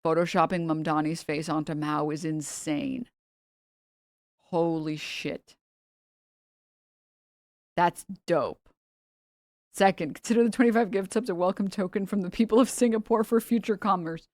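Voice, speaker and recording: A lowish-voiced woman from the United States talks to her stream in a loose, chatty way. She is blunt and swears freely as she reacts to videos. The sound is close and dry, with no room around it. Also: a little slow, pauses often, a little mellow, dry recording. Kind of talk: casual reaction stream chat.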